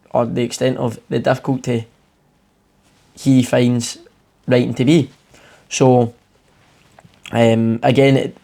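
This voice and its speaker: A male tutor talks through exam questions in a loose, conversational way. He rambles a little and leans on fillers as he explains. His pitch sits in an ordinary middle range. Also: vocal fry, darkish tone. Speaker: English tutor. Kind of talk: exam walkthrough lesson.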